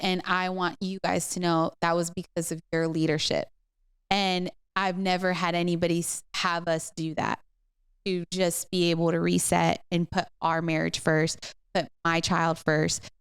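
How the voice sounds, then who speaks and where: Smooth-voiced woman pastor telling a story. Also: lowish voice, no room sound, clean studio sound. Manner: animated storyteller, many fillers and restarts. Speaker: co-host pastor. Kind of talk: casual podcast chat, storytelling.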